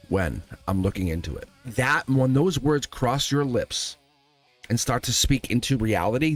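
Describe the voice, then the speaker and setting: A man with a fairly low voice gives a live tarot reading, talking earnestly and with emphasis straight to his viewer. Soft music plays faintly behind him. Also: very animated, moderate pace. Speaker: tarot reader.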